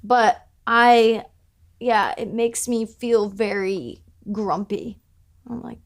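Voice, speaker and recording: A woman's voice: medium pitch, fairly even intonation, moderate pace, gravelly. A young adult woman musician speaking frankly in an interview, with many "like" fillers, casual swearing and wry self-mocking humor. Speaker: musician discussing her album. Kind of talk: candid interview talk.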